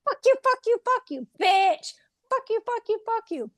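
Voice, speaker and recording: A woman doing a shrill cursing fae creature. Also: sing-song, normal speed, no echo, clean studio sound. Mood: furious. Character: small male fae creature, cursing and furious.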